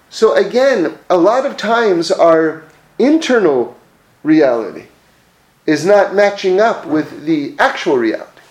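A man leads a Torah lesson through stories, his voice sitting high. He tells them animatedly and often restarts his phrases. The recording carries a noticeable room echo. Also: a little slow. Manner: animated storytelling with many restarts. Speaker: Torah teacher. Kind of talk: religious class, story-driven teaching. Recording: echoey room.

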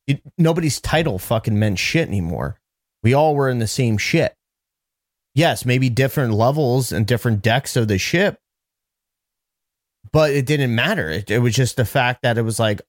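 A man's voice: mid-range voice, expressive, moderate pace, no room sound, clean studio sound. A man co-hosting a podcast in casual chat, ranting bluntly with plenty of swearing. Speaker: podcast co-host.

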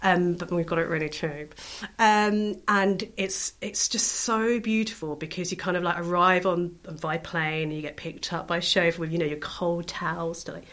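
A woman in her thirties, her voice sitting a little low, chats through her travel memories with a bubbly, rambling ease. She peppers every sentence with little fillers, sounding relaxed and talkative in a casual podcast conversation. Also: moderate pace. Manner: chatty, bubbly, many fillers. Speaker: podcast guest. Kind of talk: casual storytelling chat.

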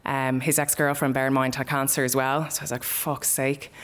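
A woman's voice: rumbling low, level tone, fast, background noise. A young Irish woman telling a personal story live, in a candid, conversational way with plenty of swearing.

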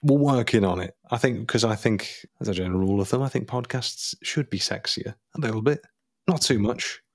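A man's voice: lowish voice, fairly quick, no room sound, clean studio sound. A man co-hosting a podcast, chatting casually with rambling, self-mocking jokes. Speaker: podcast co-host.

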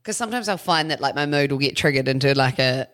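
A New woman hosts a relaxed podcast chat. Her voice sits unusually low for a woman. She muses reflectively and swears now and then without fuss. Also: quick pace. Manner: reflective, conversational, swears casually. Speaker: podcast host.

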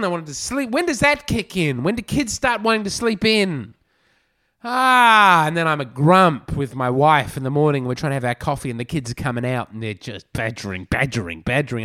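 A middle-aged man doing a rambling, self-mocking comic monologue as podcast host, swinging between loud declarations and low mutters.

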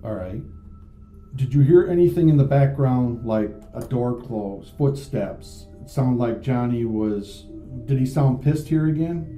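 A man's voice: medium pitch, expressive, unhurried, warm tone, faint music behind. A man working as a police detective, asking probing, repeated questions in a recorded interview. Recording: muffled echoey interview-room tape.

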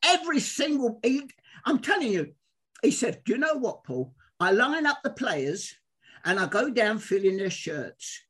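Older Londoner, husky and lively, rambling storyteller. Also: male voice, very high-pitched, measured pace. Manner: excitable, rambling, acts out quoted dialogue. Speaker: guest. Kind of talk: animated storytelling.

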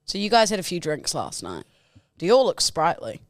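A woman's voice: fairly low pitch, wildly swooping pitch, moderate pace, no echo, studio quality. A young woman co-hosting a podcast, playful and teasing, laughing often in casual banter. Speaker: podcast co-host.

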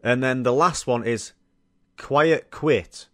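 A man's voice: medium pitch, slow, a bit bright, no room sound, studio quality. A young man hosting a solo podcast, chatting casually and swearing through rambling stories. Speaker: podcast host.

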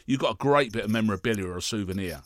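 A man hosting a podcast, asking the guest expressive, leading questions. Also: on the low side, racing, no room sound, clean studio sound. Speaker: podcast host. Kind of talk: conversational interviewing.

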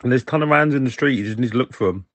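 A man's voice: medium pitch, rapid-fire, no echo. A man leaving a casual voicemail for a podcast while eating, cheeky and gossipy. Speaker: caller.

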